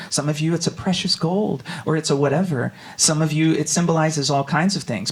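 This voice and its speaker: A man's voice: fairly high pitch, gravelly. A man giving a casual, conversational sermon as a guest speaker in a church, talking loosely with many fillers and restarts and voicing his inner thoughts. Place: church sanctuary.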